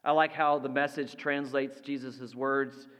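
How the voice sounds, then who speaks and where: A man preaching a sermon as pastor, slow and deliberate, letting his voice drop soft for quoted lines. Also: medium pitch, level tone. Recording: long reverb of a large hall.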